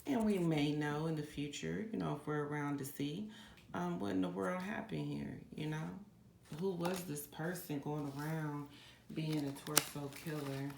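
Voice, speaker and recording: Gravelly low-voiced woman doing a card reading. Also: moderate pace. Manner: chatty, conversational, addresses viewers directly. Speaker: psychic card reader. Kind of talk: casual reading monologue to viewers. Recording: echoey room with steady background noise.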